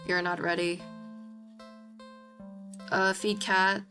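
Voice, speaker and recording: A woman's voice: mid-range voice, flat delivery, slow pace, sharp tone, soft background music. A woman streamer reading a visual novel aloud while playing, reacting with gasps and apologies between lines.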